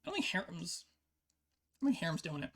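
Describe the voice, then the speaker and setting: Thinking aloud over their own online card game match, a player keeps the commentary casual and sprinkles in "like" often. The mid-range voice moves fast and swings widely in pitch.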